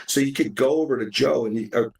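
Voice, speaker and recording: A man's voice: mid-range voice, fast, creaky. Man on a roomy, distant mic. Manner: animated, acts out quoted dialogue, swears casually. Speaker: podcast host. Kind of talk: casual chat.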